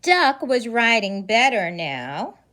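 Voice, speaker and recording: A preschool teacher reading a picture book aloud to young children, pausing for gasps and questions along the way. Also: female voice, fairly high pitch. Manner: animated storytelling with gasps and questions.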